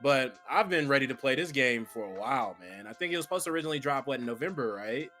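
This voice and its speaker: A man's voice: medium pitch, animated, quick pace, sharp tone, faint music behind. Laid-back man on a gaming podcast. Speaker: podcast co-host. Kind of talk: casual gaming podcast chat.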